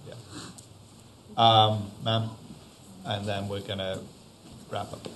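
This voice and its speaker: A man's voice: fairly low pitch, flat delivery, slow, fairly bright tone, a little hiss or hum. Polite brief-spoken man chairing a meeting.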